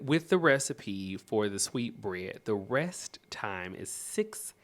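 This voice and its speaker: Animated Southern American man reviewing cookbooks. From Southern United States. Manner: animated, chatty, reads aloud and reacts with sudden high exclamations. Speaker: host. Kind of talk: casual cookbook review vlog.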